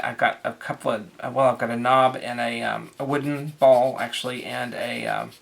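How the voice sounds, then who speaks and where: A man's voice: medium pitch, vocal fry, fairly bright tone. A man talking casually through a craft tutorial, rambling with lots of fillers and restarts.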